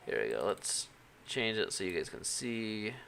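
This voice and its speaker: A man's voice: lowish voice, big pitch swings, unhurried, vocal fry, fairly bright tone, slight background noise. A man from Utah streaming live, chatting casually and thinking aloud with hesitant restarts as he works. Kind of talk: casual live-stream chat while working.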